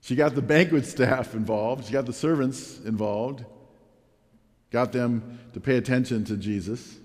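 A man's voice: mid-range voice, measured pace, a little mellow, in a large hall. A man preaching a sermon as a pastor, asking the congregation rhetorical questions.

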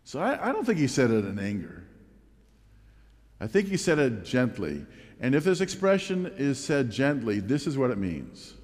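A man's voice: mid-range voice, huge pitch swings, moderate pace, darkish tone, long reverb tail. A man preaching a sermon as a pastor, asking the congregation rhetorical questions.

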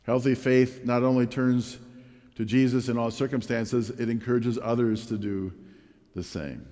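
A man's voice: medium pitch, moderate pace, dark tone, long reverb tail. A man preaching a sermon as a pastor, asking the congregation rhetorical questions.

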